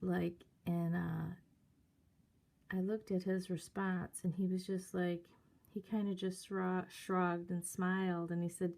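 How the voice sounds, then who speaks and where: A woman's voice: fairly low pitch, flat delivery, takes it slowly, creaky, darkish tone. A woman telling a story to camera in a casual, hesitant way. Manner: hesitant, many fillers. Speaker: vlogger.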